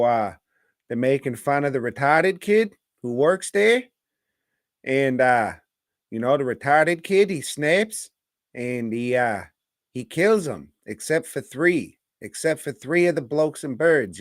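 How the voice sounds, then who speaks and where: Slow, rambling male podcast co-host. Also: mid-range voice, expressive, dry recording, studio quality. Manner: rambling, joking, drops "mate" and "blokes and birds" slang. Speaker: podcast co-host reviewing movies. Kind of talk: casual, profane movie-review banter.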